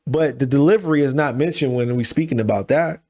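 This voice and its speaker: A man hosting a reaction channel, restating the clip's point in fast, casual commentary full of slang. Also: medium pitch, warm tone.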